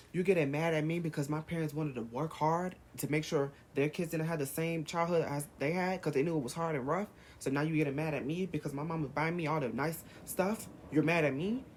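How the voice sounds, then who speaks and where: A man's voice: a little high, slight background noise. A man vlogging, firing off heated rhetorical questions in a rant to camera. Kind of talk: ranting to camera.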